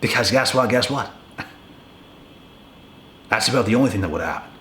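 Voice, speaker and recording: A man's voice: mid-range voice, animated, moderate pace, pushed and bright, a little hiss or hum. A young man in a blunt, casual rant to the camera, profane and emphatic, often repeating himself. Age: young adult. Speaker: video creator. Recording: echoey room with faint ambience.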